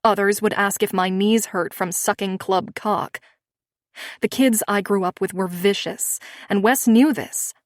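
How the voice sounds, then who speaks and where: A woman narrating a romance audiobook in the first person, with a measured, expressive reading. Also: medium pitch, dry recording, studio quality.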